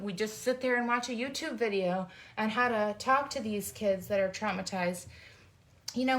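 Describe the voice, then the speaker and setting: Woman, middle-aged, faith-based vlog host, earnest, emotional, fired-up encouragement. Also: a little high. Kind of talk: heartfelt encouraging talk. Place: indoors, folding t-shirts.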